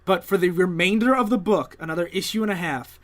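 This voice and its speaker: A man's voice: sits high, fast talker, a bit bright. A man co-hosting a podcast, making wry, jokey asides in a casual chat about a comic book. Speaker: podcast co-host.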